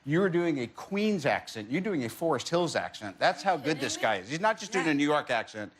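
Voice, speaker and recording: A man's voice: a little high, very animated, a little fast. A middle-aged man bantering in an interview, teasing and wisecracking. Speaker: actor. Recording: crowd noise behind.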